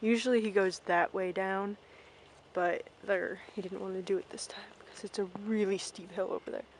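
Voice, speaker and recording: A woman's voice: medium pitch, fairly even intonation, normal speed, a little hiss or hum, poor audio. A young woman casually vlogging an outdoor farm tour on a handheld camera, chatting and calling out to her ponies.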